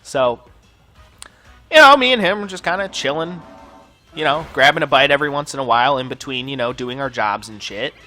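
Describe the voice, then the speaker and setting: A man's voice: mid-range voice, expressive, fairly quick, sharp tone, faint music behind. A man hosting a gaming channel, telling a long personal story over gameplay in a casual, profane, ranting way full of filler words.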